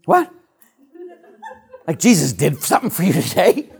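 A priest, preaching a sermon in animated storytelling that often laughs at himself. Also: male voice, fairly high pitch, normal speed, husky.

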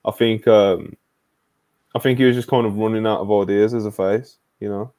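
A man hosts a casual wrestling podcast, laid-back and loose, his sentences trailing into filler words as he reads out viewer super chats over a video call. His voice is fairly low, steady and dark at a normal speed, with no room sound.

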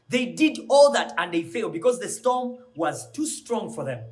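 A man's voice: high-pitched, big pitch swings, normal speed, few pauses. A man preaching a sermon with passion, building to emphatic peaks with repeated rhetorical questions, often repeating words as he searches for them.

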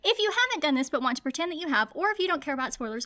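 A woman co-hosting a book podcast from home, chatting quickly and giggling often. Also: extremely high pitch, background noise. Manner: talks fast, animated and giggly. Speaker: podcast co-host. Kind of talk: casual chat.

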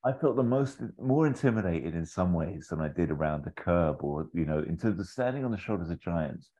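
Casting: low, mellow-voiced man pitching ideas casually on a dull lo-fi recording. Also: animated, brisk, breathy edge. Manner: rambling, acts out lines in bits. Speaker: podcast co-host pitching a story idea. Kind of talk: casual chat.

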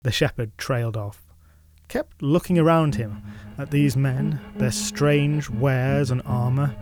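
A man's voice: mid-range voice, slow, over music. A man narrating a medieval legend in a wry, conversational way, adding his own asides. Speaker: storyteller.

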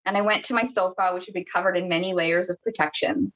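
A woman's voice: lowish voice, fairly even intonation, quick pace, a bit bright, dull audio. A woman from Canada, a podcast guest telling a personal story in a casual, chatty way, with many restarts and quoted dialogue.

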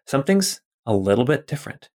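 A man's voice: medium pitch, sing-song, quick pace, a little mellow. A man running a tabletop role-playing game, describing scenes with small hesitations. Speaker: game master.

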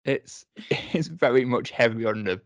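A man co-hosts a casual review chat, backing up his partner with short replies and easy agreement. His voice sits at an ordinary pitch. The sound is close and dry. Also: expressive, measured pace, no echo. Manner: agreeable, short affirmations, laughs easily. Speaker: podcast co-host.

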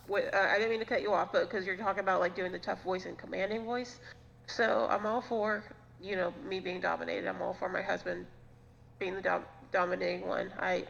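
A woman's voice: fairly low pitch, creaky, fairly bright tone. A woman co-hosting a podcast in casual chat, sassy and blunt, swearing freely. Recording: dull, echoey recording with faint hiss.

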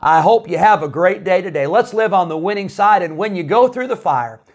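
Earnest preaching man, slightly high voice. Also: lively intonation, brisk. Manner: earnest, emphatic, conversational preaching. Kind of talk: devotional sermon.

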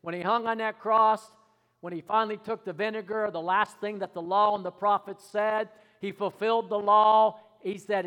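High-voiced preacher in a reverberant hall. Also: male voice, normal speed. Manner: call-and-response preaching, swings from soft asides to loud declarations. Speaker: pastor. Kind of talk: sermon. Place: church sanctuary.

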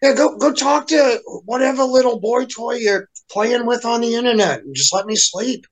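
A man's voice: extremely high pitch, moderate pace, a crowd in the background. A man in a casual chat, ranting in an exasperated, heavily profane way. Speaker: guest.

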